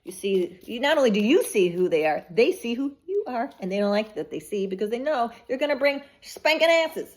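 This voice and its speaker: A woman's voice: on the high side, sing-song, a little fast, hardly any pauses, darkish tone. Woman tarot reader, blunt, emphatic, casual swearing. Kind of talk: collective tarot reading.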